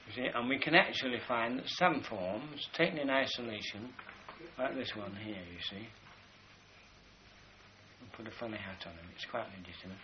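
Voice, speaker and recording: A man giving a spoken lecture in a measured, explanatory way, slowing down to stress key words as he points to drawings. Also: lowish voice, lo-fi sound, noisy background.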